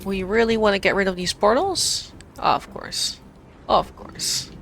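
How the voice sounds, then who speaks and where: A woman's voice: mid-range voice, animated, a little slow, fairly bright tone, slight background noise. A young woman streaming a video game, chatting playfully with her viewers as she plays. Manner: chatty, playful, talks to her chat while playing. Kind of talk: casual gameplay commentary. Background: faint game music.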